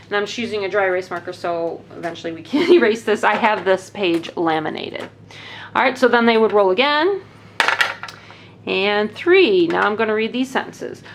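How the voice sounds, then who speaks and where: Woman, teacher, patient, step-by-step explaining, mid pitch, faint background hiss. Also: gravelly. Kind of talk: classroom activity demonstration.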